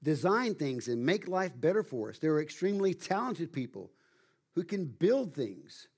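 A man delivering a sermon from the pulpit, his voice sitting a little high for a man. He preaches emphatically, slowing down and leaning on words he wants to stress, and clears his throat now and then. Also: very animated. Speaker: pastor.

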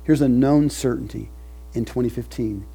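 A man preaching a sermon, building to loud emphatic peaks and falling soft at the ends of phrases. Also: mid-range voice, normal speed, vocal fry, husky, rough recording. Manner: leads congregation in recited scripture. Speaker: pastor.

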